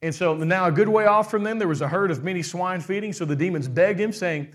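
High-voiced animated male preacher. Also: a little fast. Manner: animated preaching, acts out quoted voices, asks the crowd questions. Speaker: pastor. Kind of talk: sermon.

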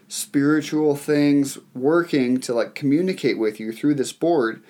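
Animated young man preaching. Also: fairly high pitch, a little slow. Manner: animated storytelling with fillers and restarts. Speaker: pastor. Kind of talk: sermon storytelling.

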